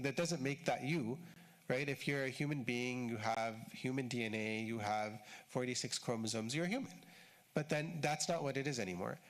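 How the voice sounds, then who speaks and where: A man giving a conversational religious lecture at a mosque, explaining in short repeated phrases with casual fillers. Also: medium pitch. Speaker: shaykh giving a mosque talk.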